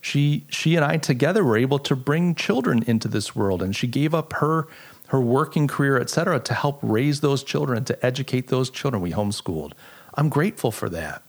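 A man's voice: mid-range voice, animated, fairly quick. Earnest middle-aged man musing aloud. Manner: earnest, reflective storytelling with frequent restarts. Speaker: podcast host. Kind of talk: casual solo podcast monologue.

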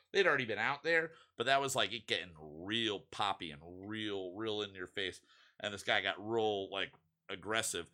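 A man's voice: fairly low pitch, bright, forceful tone. A man co-hosting a podcast, chatting casually and telling a rambling story full of restarts and asides. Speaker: podcast co-host. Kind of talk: casual chat.

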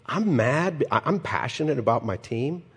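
Animated preaching man in a reverberant hall. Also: mid-range voice, normal speed, slightly rough. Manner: animated, humorous asides, acts out quoted lines. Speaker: pastor. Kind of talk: sermon.

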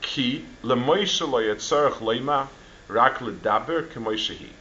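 A man giving a Torah class, talking in halting runs with many restarts and Hebrew and Yiddish terms mixed in. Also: medium pitch, bright, forceful tone, muffled recording, slight background noise. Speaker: Torah teacher.

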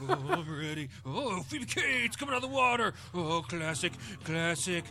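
A man's voice: sits high, animated, normal speed, creaky, sharp tone, pitched above the performer's own voice, full character voice. A man voicing a leering man who gives eager, breathless running commentary on a slideshow of women.

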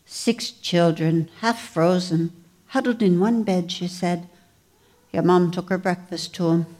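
An actress playing a homely, kindly housekeeper who speaks in folksy dialect. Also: female voice, on the low side, steady tone, a little slow, darkish tone, low-quality recording. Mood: matter-of-fact. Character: homely kindly woman housekeeper, plain-spoken.

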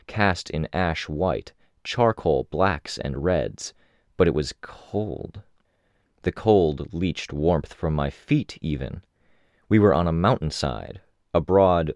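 Low voiced guy reading an audiobook, steady and even, dry close mic. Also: no echo. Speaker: audiobook narrator. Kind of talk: first-person novel narration.

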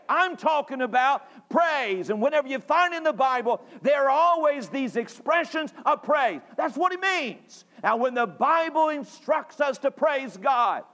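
A man from North Carolina, preaching a sermon emphatically, repeating phrases and rising to shouts. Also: very high voice. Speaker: pastor. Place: church sanctuary.

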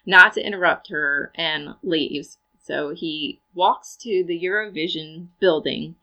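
Young woman, lowish bright voice, laid-back movie recap chat. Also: slow pace, poor audio. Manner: narrates plot in a relaxed, low-key way. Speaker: podcast co-host.

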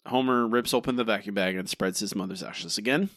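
A man's voice: fairly low pitch, brisk, no room sound. Exasperated male podcast co-host. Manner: animated, exasperated, laughs often. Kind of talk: casual chat.

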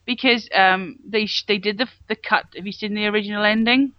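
A man co-hosting a casual movie podcast from bed, laughing often and joking, saying he is high. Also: fairly even intonation, no room sound. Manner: laughing, joking, quick asides. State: says he is high. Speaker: podcast co-host. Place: in bed at home. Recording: dull lo-fi remote audio.

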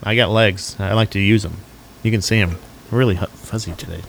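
A man's voice: on the low side, fairly even intonation, fairly quick, creaky, a bit bright. A young man co-hosting a podcast, chatting casually, rambling and swearing and mocking himself. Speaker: podcast co-host. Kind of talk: casual chat.

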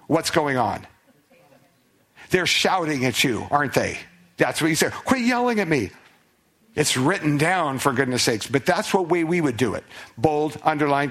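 A man, a pastor, preaching a conversational expository sermon, animated and asking his listeners questions as he reads and explains the text. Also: medium pitch.

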